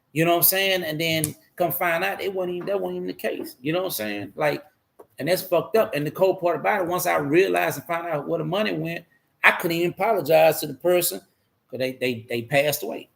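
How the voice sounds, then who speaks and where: A man's voice: fairly high pitch, a little fast, creaky. A man candidly telling his life story in a rambling, profane way, repeating himself as he goes.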